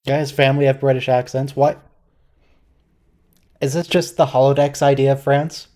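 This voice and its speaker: Man, casual running commentary, wry and quizzical, warm mellow tone. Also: mid-range voice, flat delivery, normal speed. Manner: wry, quizzical, thinking aloud. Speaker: host of a watch-along.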